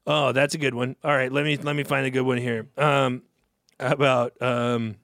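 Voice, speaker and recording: A man's voice: mid-range voice, little pitch movement, moderate pace, creaky, a bit bright, dry recording, clean studio sound. A man co-hosting a comedy podcast, chatting casually and laughing as he tries goofy movie-quote impressions. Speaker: podcast co-host.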